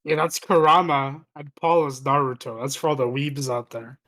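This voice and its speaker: A man's voice: medium pitch, steady tone, normal speed, fairly bright tone. A man co-hosting a film review podcast, chatting casually and tossing in teasing jokes. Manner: joking, teasing quips. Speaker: podcast co-host.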